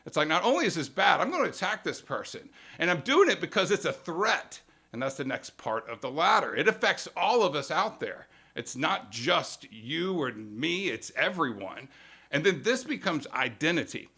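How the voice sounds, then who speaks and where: A man's voice: on the high side, very animated, moderate pace, bright, forceful tone, husky. A man hosting a live stream, explaining media tactics in a casual, emphatic monologue and acting out quotes in mock voices.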